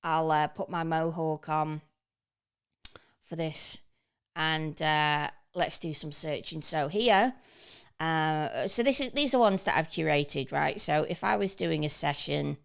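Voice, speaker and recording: A woman's voice: low-pitched, slow pace, vocal fry, smooth. A woman giving a casual, chatty tutorial, upbeat and full of ums and uhs. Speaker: online training presenter. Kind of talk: casual screen-share tutorial.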